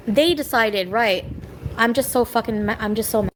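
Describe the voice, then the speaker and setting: Woman, higher register, venting at home on a live stream; rambling, bitter, quick to snap at viewers; slight background noise. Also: rough recording. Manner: rambling, bitter, talks back to chat. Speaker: livestreamer. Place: home kitchen.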